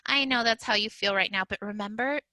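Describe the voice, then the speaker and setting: A woman reading the lines of a calm, reassuring young father in a gentle, soothing way. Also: medium pitch, brisk, dry recording, lightly acted.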